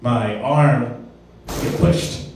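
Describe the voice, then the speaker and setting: A man's voice: mid-range voice, very slow, a little mellow, slight background noise. A man doing a stand-up comedy set, telling a loose, conversational story with sudden acted exclamations. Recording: echoey room miked from a distance with faint ambience.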